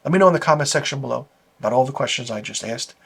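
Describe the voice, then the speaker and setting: A man hosting a casual video review, talking through an episode in a loose, rambling way. His speaking pitch sits in a middle range for a man. He sounds enthusiastic and keeps stringing thoughts together with fillers. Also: lively intonation, rapid-fire, creaky, a bit bright, husky. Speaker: TV episode reviewer, channel host.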